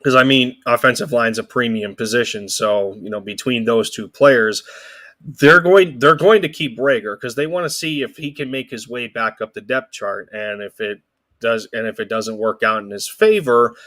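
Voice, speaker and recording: A man's voice: mid-range voice, normal speed, fairly bright tone, no echo. A man co-hosting a casual sports podcast, rambling and restarting his phrases as he talks. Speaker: podcast co-host.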